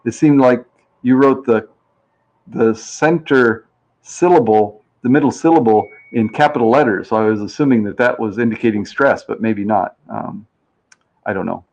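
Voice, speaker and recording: Hosting a live game show stream, a man talks at a normal speed in a mid-range, slightly mellow voice. He chats and rambles, reading out the chat and toying with how words are pronounced.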